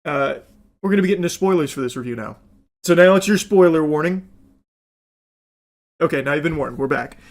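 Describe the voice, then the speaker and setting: A man hosting an online video, giving a dry film review and loud gameplay commentary. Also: a little high, fairly quick, pauses often. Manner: dry, flat delivery that breaks into loud excited yelling.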